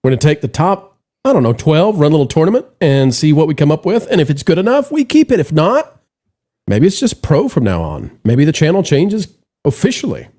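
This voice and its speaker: A man's voice: on the high side, very animated, a little fast, dark tone. A man hosting a casual online panel show, teasing his guests in playful banter. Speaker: host.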